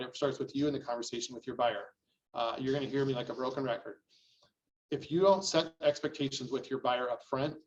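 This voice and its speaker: A middle-aged man teaching real estate agents in a loose, animated way, often jumping into a higher voice to act out his clients. His voice sits a bit high for a man. He sounds set back from the mic, and the recording is a little dull. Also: distant mic. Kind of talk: training lecture.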